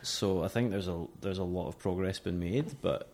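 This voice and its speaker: A man who is a podcast guest, speaking thoughtfully and haltingly, restarting his sentences often. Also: low-pitched, a little mellow, slight background noise. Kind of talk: casual conversation.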